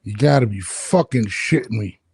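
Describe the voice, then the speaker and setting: Speaking into studio headphones and a mic at home, this podcast host delivers a profane, animated rant in a casual style. His voice is lowish, gravelly and slightly rough, at a moderate pace, recorded dry.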